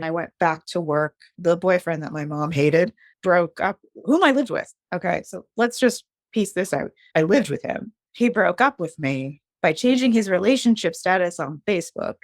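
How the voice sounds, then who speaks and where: A woman's voice: on the low side, no room sound. A woman around forty from New Jersey, a podcast guest telling a personal story in a frank, blunt way, swearing casually and acting out the dialogue she quotes. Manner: acts out quoted dialogue with animated shifts.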